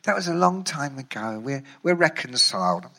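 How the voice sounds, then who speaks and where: A man's voice: mid-range voice, big pitch swings, normal speed, pushed and bright, slight background noise. A man voicing a middle-aged woman manager who sweet-talks and calls everyone darling. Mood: coaxing.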